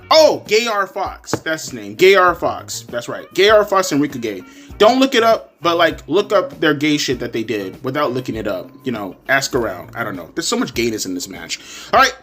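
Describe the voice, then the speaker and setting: A man's voice: medium pitch, fairly bright tone. Crude, ranting man reviewing wrestling. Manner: crude, sarcastic, profane. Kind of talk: ranting commentary.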